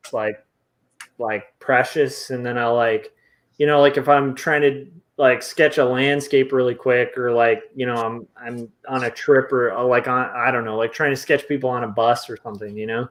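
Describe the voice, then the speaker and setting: Easygoing young man, rambling. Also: mid-range voice. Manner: rambling, lots of "like" and "um", soft-spoken. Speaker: podcast guest, comic artist. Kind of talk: casual chat.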